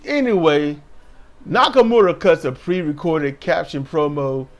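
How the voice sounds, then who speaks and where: A man giving a casual, sarcastic recap of a wrestling show, mocking the wrestlers with put-on voices. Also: high voice. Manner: sarcastic, mocking impressions in a raised voice.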